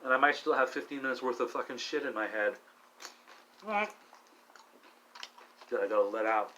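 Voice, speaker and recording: Rambling, profane man talking while high. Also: normal speed, pauses often, pushed and bright, dull audio, a little hiss or hum. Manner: meandering, profane, restless restarts. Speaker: vlogger. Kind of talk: rambling solo monologue.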